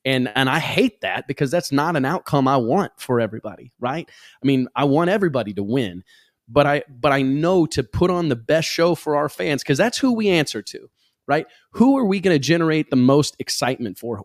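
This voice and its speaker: Male host, emphatic and excitable, mid-range voice, dry close mic. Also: mid-range voice, a little fast, no room sound. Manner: emphatic, rhetorical questions. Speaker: talk show host. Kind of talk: casual podcast chat.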